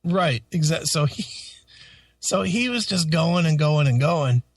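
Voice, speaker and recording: A man's voice: fairly high pitch, measured pace, dry recording, recorded from a distance. A man co-hosting a radio show, telling a story in a profane, casual way, swearing constantly and laughing as he talks. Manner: animated, swears constantly, laughs through stories. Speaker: radio co-host.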